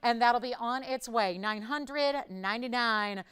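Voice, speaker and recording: A woman hosting live jewelry shopping, chatty and upbeat, pitching deals and reading out viewer messages. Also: measured pace, a bit bright, clean tone. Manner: pushes deals with "I'll tell you what".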